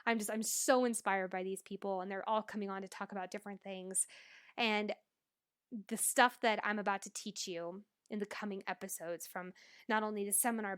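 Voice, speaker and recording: A woman's voice: medium pitch, clean tone. Earnest woman podcaster, motivational. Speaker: podcast host and life coach. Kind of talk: solo podcast monologue.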